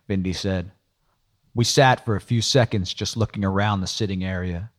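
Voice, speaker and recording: A man's voice: sits low, fairly even intonation, moderate pace. Wry man narrating a noir audiobook.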